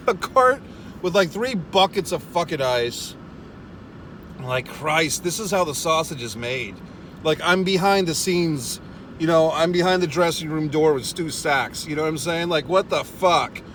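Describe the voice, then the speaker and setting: The vlogger's voice is fairly high and a bit bright, with a little hiss or hum on the track. He's in a parked car telling an exasperated comic story, swearing constantly and laughing at himself in a profane storytelling rant.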